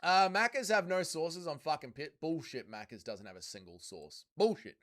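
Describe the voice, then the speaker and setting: A slightly high, somewhat bright male voice with lively intonation moves at a moderate pace. It belongs to a young Australian man running a livestream, casually and crudely reading viewer comments with blunt jokes.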